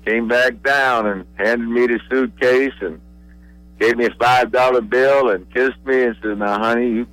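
An older man from Pennsylvania, a radio guest reminiscing, pausing often with uhs and repeated words. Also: mid-range voice, fairly even intonation, a bit bright, no echo, low-quality recording. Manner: halting, many uhs and repeated I's. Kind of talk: relaxed reminiscing.

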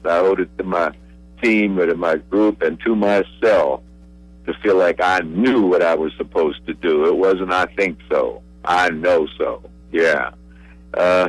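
Halting older man from Pennsylvania. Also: deep voice, no echo, poor audio. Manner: halting, many uhs and repeated I's. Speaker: guest. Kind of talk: relaxed reminiscing.

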